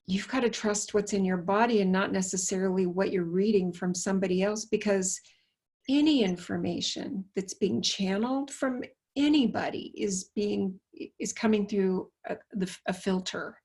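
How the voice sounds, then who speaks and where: A woman's voice: medium pitch, normal speed, breathy edge. A woman hosting a casual conversation who muses aloud and speaks asides to her listeners. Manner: chatty, warm asides to listeners, musing. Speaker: host.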